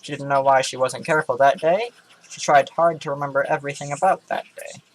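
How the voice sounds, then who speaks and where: A man's voice: a little high, fairly even intonation, fairly quick, slight background noise, poor audio. A tired young man casually reading a story aloud from his webcam, with sarcastic asides and stumbles over words. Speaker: gaming vlogger. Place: indoor room.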